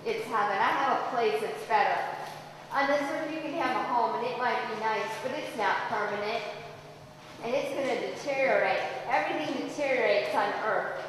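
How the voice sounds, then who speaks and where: A woman's voice: fairly high pitch, normal speed, noisy background. A woman delivering a sermon in a church, telling stories animatedly and acting out the quoted lines. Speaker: preacher's voice at a deaf church. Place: church sanctuary. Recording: echoey hall, voice far from mic.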